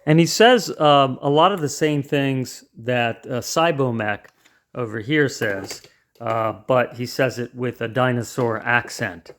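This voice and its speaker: A man's voice: mid-range voice, unhurried, fairly bright tone. A man hosting a casual toy review, chatting and explaining the features step by step as he handles the toy.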